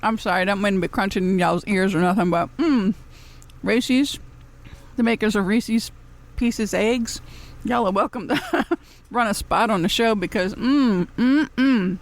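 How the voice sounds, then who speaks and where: A woman's voice: medium pitch, moderate pace, pauses often. A woman host, chatting casually on live radio, rambling and cheeky, laughing often between phrases.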